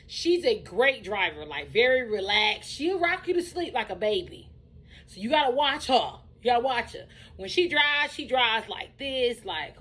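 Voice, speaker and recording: A woman who runs a truck driving school tells her own story in a casual, animated way, repeating phrases for emphasis. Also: on the high side, low-quality recording.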